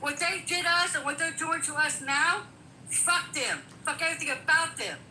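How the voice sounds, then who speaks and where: A middle-aged woman, a guest in a political debate, argues heatedly in a high, pushed, bright voice at a moderate pace. She's angry and emphatic, swearing and talking over the other speaker. The room is echoey, with slight background noise.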